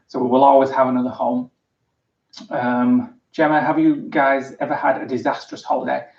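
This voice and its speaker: A man's voice: mid-range voice, flat delivery, normal speed, vocal fry, darkish tone. A man vlogger in casual livestream chat, reading out viewer comments with frequent ums. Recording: roomy, distant, dull sound.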